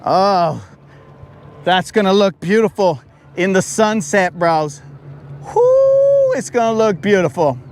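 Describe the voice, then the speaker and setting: High-pitched, jokey fishing streamer, a bit raspy, with faint outdoor noise. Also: male voice, unhurried. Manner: slangy, joking, talks to chat as bro and dog. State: slightly raspy from talking. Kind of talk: casual live-stream chat. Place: on a boat on a lake, outdoors.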